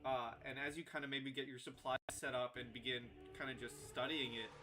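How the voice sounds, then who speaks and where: A man runs a tabletop game, describing scenes in a measured, descriptive way with many fillers. His voice sits at an ordinary pitch over clear background hiss in a noisy home recording. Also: steady tone. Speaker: game master.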